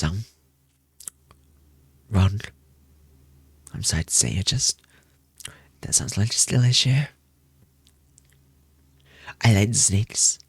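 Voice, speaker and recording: A man's voice: lowish voice, slightly rough, dry recording. A young man chatting casually on a stream, rambling and playful, repeating his phrases with self-mocking asides. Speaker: VTuber streamer. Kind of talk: casual debut stream chat.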